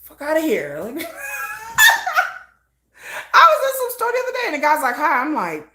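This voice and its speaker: A middle-aged woman hosting a casual livestream, blunt and animated, laughing often and acting out conversations. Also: high voice, moderate pace, reverberant. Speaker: livestream host.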